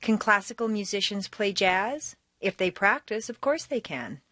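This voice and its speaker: An American woman narrates a scripted accent lesson. Her pitch rises and falls in wide, melodic swings, and she talks quickly with her words linked together. The sound is close and dry, with no room echo. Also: animated, bright, forceful tone. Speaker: accent coach.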